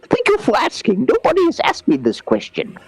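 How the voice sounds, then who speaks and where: A man's voice: very high voice, wildly swooping pitch, brisk, vocal fry, husky, dry recording, voice pushed up, exaggerated voice, poor audio. A man voicing a small, polite male creature that lives in a glove, chatty and stammering.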